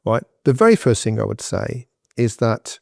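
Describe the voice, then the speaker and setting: A man's voice: medium pitch, sing-song, normal speed, vocal fry, no room sound, clean studio sound. A man being interviewed on a podcast, giving advice in a direct, emphatic, conversational way. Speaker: guest entrepreneur.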